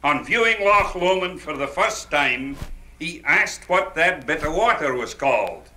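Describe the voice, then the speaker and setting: A man's voice: fairly high pitch, animated, measured pace, pushed and bright, slight background noise, rough recording. A man telling pub jokes on a party record, chuckling and acting out the characters in each story.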